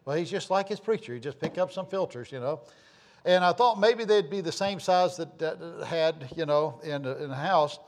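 A man's voice: on the high side, animated, normal speed, darkish tone. Folksy rambling pastor, a man. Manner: rambling, folksy, many fillers and restarts. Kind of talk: informal sermon announcements and storytelling.

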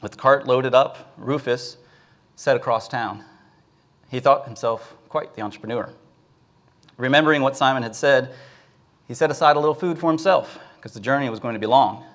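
A man's voice: mid-range voice, normal speed, long pauses, a bit bright. A male preacher gives a sermon, telling a Bible story with some filler words.

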